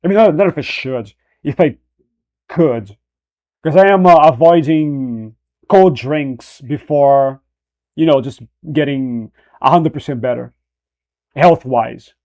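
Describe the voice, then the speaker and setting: A man's voice: medium pitch, slow pace, darkish tone, lo-fi sound. A man chatting casually on a livestream, rambling, restarting and correcting himself as he goes. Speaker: streamer.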